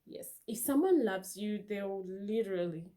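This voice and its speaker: Slow, mellow-voiced woman vlogger. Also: medium pitch, animated. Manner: emphatic and earnest, stretching words for stress; preachy, quotes scripture. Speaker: vlogger giving dating advice. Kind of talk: casual advice monologue to camera.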